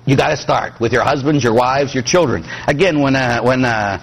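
A man's voice: mid-range voice, normal speed, a little hiss or hum. A middle-aged man from Pittsburgh, a priest preaching a sermon with jokes, acting out quoted voices. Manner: animated, joking, acts out quoted voices.

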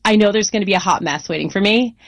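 A woman's voice: medium pitch, fast, dry recording. Emphatic woman host, dry sound. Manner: emphatic, addresses listeners directly. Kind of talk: casual podcast chat.

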